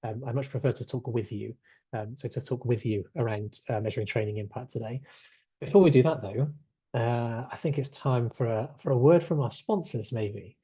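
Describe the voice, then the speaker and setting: A man's voice: medium pitch, moderate pace, mellow, slightly rough, no room sound, dull audio. A man hosting an online webinar in casual chat, reading out chat replies with plenty of fillers. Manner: chatty, reads out chat replies, many fillers. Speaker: webinar host. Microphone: video call.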